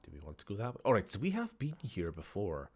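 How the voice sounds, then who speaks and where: A man's voice: fairly low pitch, huge pitch swings, fast, noisy background. A man with a Scottish accent giving casual, rambling let's-play commentary, laughing often and talking to the characters on screen. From Scotland. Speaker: gaming channel host.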